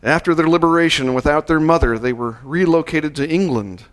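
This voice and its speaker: Man preaching a slow, measured sermon. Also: a little high, fairly bright tone. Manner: measured, slowing down to stress key words. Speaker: pastor. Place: church service.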